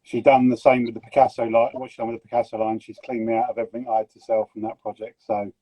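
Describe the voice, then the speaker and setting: A man's voice: mid-range voice, little pitch movement, racing, husky, dry recording, muffled recording. A middle-aged man with a Yorkshire accent, a gecko breeder, chatting jokily and rambling on a live stream over a phone video call. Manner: jokey, rambling, teasing. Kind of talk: casual banter on a live stream.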